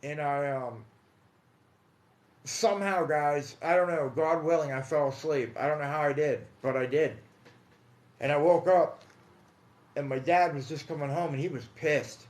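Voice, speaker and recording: A man casually telling his own paranormal experiences on a livestream, calling his listeners guys and dude, hushed in some stretches and emphatic in others. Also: on the high side, unhurried, long pauses. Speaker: paranormal storyteller. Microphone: phone or computer mic on a livestream. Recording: echoey room.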